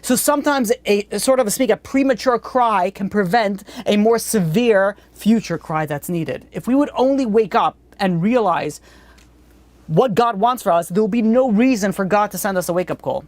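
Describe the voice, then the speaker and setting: Casting note: woman teaching a Torah class, blunt and conversational, mid pitch, dry close sound. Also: animated, normal speed, darkish tone, no room sound. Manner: blunt, conversational, many restarts. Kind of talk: religious lesson talk.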